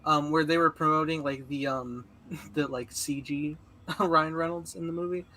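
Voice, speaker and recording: A man co-hosting a casual podcast, chatting about films with excitable, laughing banter. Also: on the high side, moderate pace, a little hiss or hum. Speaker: podcast co-host. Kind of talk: casual chat.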